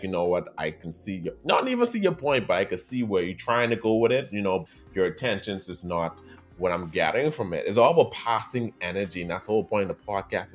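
A man with a Bahamian accent, hosting a podcast in a chatty, expressive monologue that speaks straight to his listeners. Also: on the low side. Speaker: podcast host.

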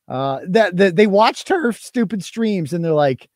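A man's voice: sits high, very animated, normal speed, hardly any pauses, no echo, clean studio sound. A man hosting a live stream, talking in a casual, profane, mocking and rambling way. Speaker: host.

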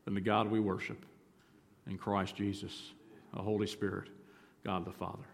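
A male pastor preaching a sermon, swinging from loud emphatic lines to low, hushed ones. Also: flat delivery, normal speed, creaky, pauses often, big-room sound.

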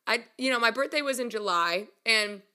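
A young woman telling a story casually and mocking herself, laughing often and jumping up in pitch when she acts out quotes. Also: moderate pace, smooth. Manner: chatty and self-mocking, laughs a lot; animated, voice jumps up when acting out quotes. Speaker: vlogger.

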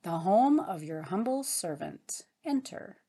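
A woman reading the part of a playful, affectionate grown brother, voiced a little higher than her narration. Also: big pitch swings, exaggerated voice. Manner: teasing, warm, brisk.

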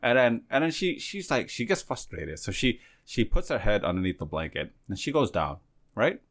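A man's voice: medium pitch, big pitch swings, normal speed, a bit bright. A young man hosting a casual chat, telling a crude, rambling story full of fillers.

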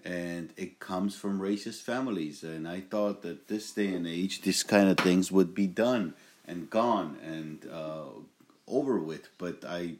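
A young man with a very deep voice hosts a homemade podcast. He rambles casually, stopping and restarting with plenty of fillers. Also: unhurried, a little mellow, a little hiss or hum. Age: young adult. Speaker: podcast host.

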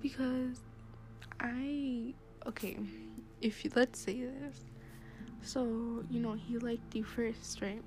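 A young woman hosts her own podcast from a classroom seat, chatting casually and rambling with lots of fillers and frequent laughter. Her fairly high voice moves slowly with fairly even intonation. Music plays behind her voice.

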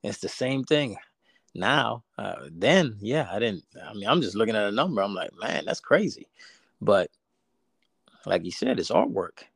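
A man's voice: lowish voice, expressive, moderate pace, vocal fry, breathy edge, no echo, studio quality. A man, chatting on a podcast and telling a rambling story with many restarts. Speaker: podcast co-host. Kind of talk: casual podcast chat.

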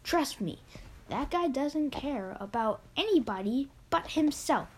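A woman's voice: high voice, expressive, unhurried, slight background noise. A woman doing a snappy, grumpy grown cat. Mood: stubborn.

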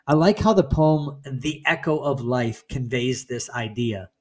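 A man's voice: mid-range voice, a little slow, slightly rough. Earnest man giving a motivational talk. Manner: earnest, emphatic, with hesitant restarts. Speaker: motivational speaker for men.

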